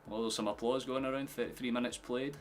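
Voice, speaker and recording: A man casually commentating a football match live for his stream, chatty, swearing and quick to laugh. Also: medium pitch, steady tone, a little hiss or hum. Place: home streaming setup with headphones.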